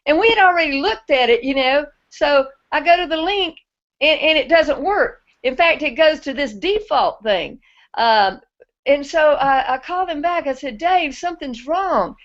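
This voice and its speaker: Friendly high-voiced woman hosting an online hangout, muffled audio. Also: lively intonation, normal speed. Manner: friendly, chatty, Southern-style speech. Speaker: host of a web hangout. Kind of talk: casual chat. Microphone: video call. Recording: muffled web call audio.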